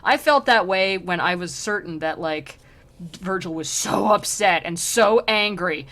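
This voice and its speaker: A woman's voice: on the low side, a little slow, fairly bright tone. A woman voicing a fretful young male poet who gushes eagerly about his feelings, in a casual storytelling reading. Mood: relieved.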